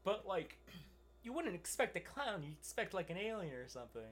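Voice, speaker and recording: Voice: mid-range voice, very animated, a little fast. A podcast co-host in casual chat, rambling and laughing, swearing and saying "like" constantly.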